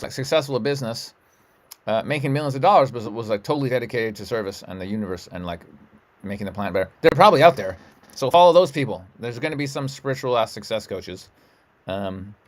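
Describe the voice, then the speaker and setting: Profane, rambling man giving a spiritual talk. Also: medium pitch. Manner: loose, profane and emphatic, frequent "you know what I'm saying". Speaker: spiritual livestream host. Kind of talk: casual spiritual talk, rambling livestream sermon.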